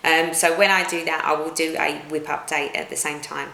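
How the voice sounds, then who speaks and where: Chatting in a relaxed home vlog, this middle-aged British cross-stitch vlogger from the UK rambles with frequent restarts. Her deep voice is creaky, bright and forceful, with little pitch movement at a moderate pace. The room gives the recording an echo.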